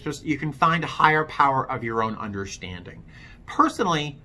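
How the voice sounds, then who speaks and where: Speaking candidly to camera, a man vlogs about his recovery in a loose, filler-heavy way, frank and poking fun at himself. His mid-range voice sounds bright and forceful.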